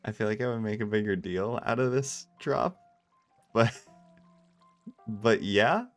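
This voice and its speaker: Rambling, low-voiced male stream host. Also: a little slow, faint music behind. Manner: rambling, self-interrupting storyteller with frequent laughs. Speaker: livestream host. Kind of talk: casual chat over a game stream. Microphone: earbuds with headset mic.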